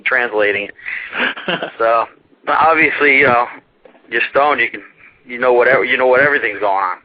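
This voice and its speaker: Heard over muffled, dry internet radio, a young man of medium pitch rambles through a profane account of his trip to appear on a talk show. He laughs at his own story as he tells it casually.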